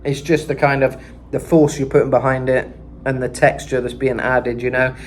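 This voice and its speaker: A man giving a casual vocal lesson, chatting about singers' tones and breaking into gritty high sung and screamed demonstrations. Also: flat delivery, moderate pace, heavy background noise. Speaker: vocal coach.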